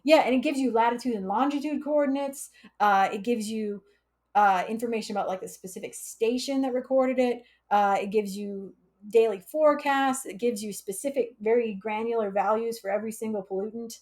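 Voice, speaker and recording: A woman's voice: a little high, fairly quick, a little mellow. Chatty woman live-coding on stream. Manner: chatty, laughs often, reads chat aloud. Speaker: livestream coding instructor. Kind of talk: casual live coding chat.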